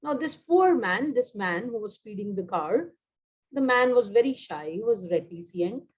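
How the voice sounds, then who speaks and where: A woman's voice: medium pitch, lively intonation, normal speed, husky, lo-fi sound. A woman with an Indian English accent teaching a vocabulary class online, repeating key words and slipping into Hindi.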